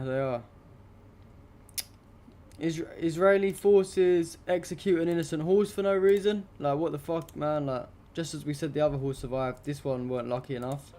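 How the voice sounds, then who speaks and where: A man's voice: fairly high pitch, mellow. A young adult man hosting a live stream, commenting on news pictures in an indignant, rambling, heavily profane way.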